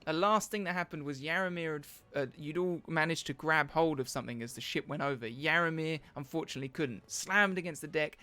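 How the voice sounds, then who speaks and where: A man narrating as dungeon master in an animated, laughing way, often searching for words. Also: a little high, a little fast, hardly any pauses. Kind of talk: narrating a tabletop game.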